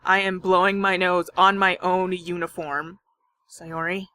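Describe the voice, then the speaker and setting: A woman's voice: fairly low pitch, level tone, measured pace, sharp tone. A young woman reading a visual novel aloud as a game streamer, with dramatic, jokey and panicky reactions.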